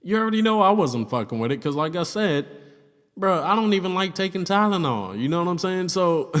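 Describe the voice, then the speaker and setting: A man's voice: high-pitched, big pitch swings, brisk, a bit bright. A young man telling a story in casual vlog style, loose and profane, full of "like" and "you know what I'm saying". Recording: long reverb in the room.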